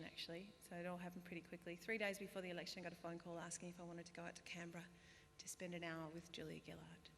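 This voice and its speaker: An Australian woman in her thirties giving a humorous, self-deprecating graduation speech, now and then bursting into loud put-on voices. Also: lowish voice, a little hiss or hum. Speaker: guest speaker. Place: large hall. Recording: reverberant hall, faint ambience.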